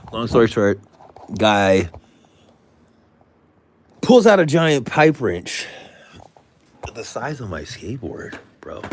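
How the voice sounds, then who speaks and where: A man's voice: fairly low pitch, a little hiss or hum. A man hosting a live stream, telling a rambling story in slangy casual talk, sounding tired. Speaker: livestream host.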